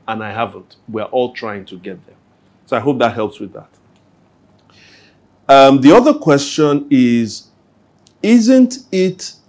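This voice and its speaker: At a church Q&A, a man with a mid-range, slightly mellow voice answers questions conversationally. He acts out everyday scenes, slipping into little quoted voices.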